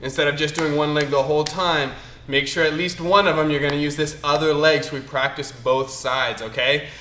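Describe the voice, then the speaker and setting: Calling out counts and commands for a kids' live online karate class, this man sounds upbeat and encouraging, his fairly high voice pushed and bright with fairly even intonation at normal speed. He's filmed in a martial arts studio by a camera a few steps off, with roomy echo and slight background noise.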